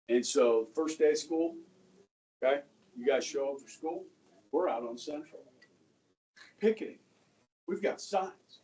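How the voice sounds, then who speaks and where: A middle-aged male high school history teacher telling a story to his class, checking in with "okay?" and acting out the people in it. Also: a little slow, long pauses, a little mellow. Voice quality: conversational, acts out quoted voices, asks "okay?" often. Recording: distant mic in a classroom, faint room noise.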